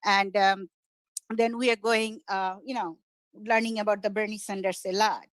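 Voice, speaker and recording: A woman's voice: medium pitch, fairly even intonation, dry recording. Bengali-accented woman speaking with many fillers. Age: middle-aged. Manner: halting, many fillers and restarts, enthusiastic. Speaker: community organizer and guest speaker. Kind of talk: informal virtual speech. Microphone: video call.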